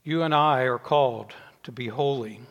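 Older preacher in a reverberant church. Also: male voice, medium pitch, dull audio. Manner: measured preaching, dropping softly at phrase ends. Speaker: pastor. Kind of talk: sermon. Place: church sanctuary. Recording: long reverb in a church hall.

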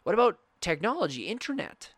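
A man's voice: sits high, big pitch swings, fairly quick, fairly bright tone, breathy edge, no echo. Earnest rambling male podcast host. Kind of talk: reflective monologue.

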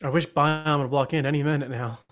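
A man's voice: a little high, steady tone, brisk, fairly bright tone. Joking man playing his character. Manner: joking, mock-grand in character. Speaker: player. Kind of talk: in-character tabletop role-play.

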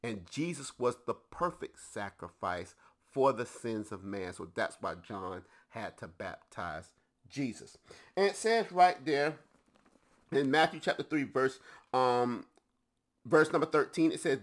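A man's voice: medium pitch, animated, measured pace. A man preaching a teaching sermon to a congregation, emphatic and often putting questions to his listeners.

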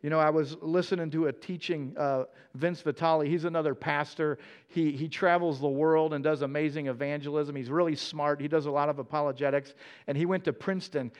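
A man preaching a conversational sermon, earnest and animated in his storytelling. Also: a little high, brisk, hardly any pauses, clean tone.

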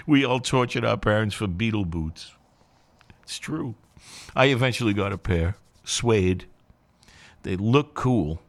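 This is a radio host in his sixties with an easygoing, joking way of talking. He laughs through his stories. He turns insistent when he pushes listeners to call in. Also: lowish voice. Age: 60s. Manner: chatty and jokey, chuckles often, pushy when plugging a giveaway. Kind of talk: casual radio DJ patter.

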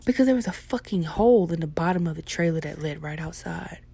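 A woman's voice: lowish voice, expressive, fast, gravelly, dark tone, husky, dry recording. A young adult woman telling a personal story in a casual, laid-back and profane way.

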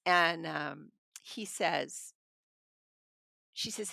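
Blunt storytelling woman with gravelly voice. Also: fairly low pitch, lively intonation, measured pace, bright, forceful tone, dry recording, studio quality. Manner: blunt, storytelling, laughs often. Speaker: trial attorney guest. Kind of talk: casual podcast conversation.

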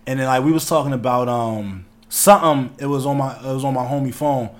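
A man's voice: mid-range voice, brisk. A man co-hosting a podcast in casual chat, rambling and cursing as he talks through his thoughts. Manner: rambling, profane, full of fillers and restarts. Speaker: podcast co-host.

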